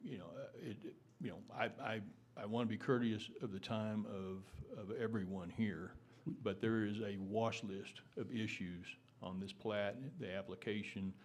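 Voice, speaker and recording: A man's voice: lowish voice, steady tone, normal speed, hardly any pauses. A man with a Texan accent giving public testimony at a town meeting, often restarting words and using formal legal phrasing. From Texas. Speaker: public commenter.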